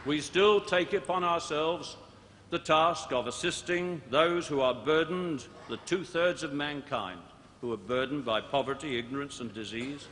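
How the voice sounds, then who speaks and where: A man in his sixties, a politician delivering a formal conference speech with measured, deliberate oratory and emphatic repetition. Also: on the high side. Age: 60s. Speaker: politician addressing a party conference. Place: large indoor conference hall. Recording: archive broadcast, long hall reverb, faint noise.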